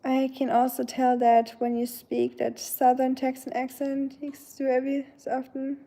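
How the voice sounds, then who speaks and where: A woman with a German accent, a native German speaker, chatting casually on a livestream at home, answering her chat in a rambling way with many pauses and talking to her dog now and then. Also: high voice, completely flat delivery, mellow. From Germany, near the French border. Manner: chatty and rambling, often pausing on "um", breaking off to soothe her dog.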